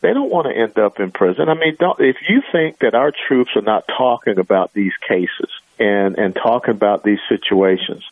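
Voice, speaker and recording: A man's voice: fairly low pitch, lively intonation, normal speed, hardly any pauses, no echo, narrow, tinny audio. A man who is a guest on a radio talk show, arguing emphatically and often saying "you know". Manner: emphatic, argumentative, filler-heavy.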